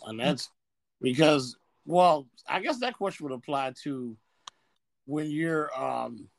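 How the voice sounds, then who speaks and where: A man's voice: on the high side, slow pace, gravelly, dry recording. A man co-hosting a podcast, talking bluntly in a casual, profane way. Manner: blunt, profane, animated storytelling. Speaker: podcast co-host.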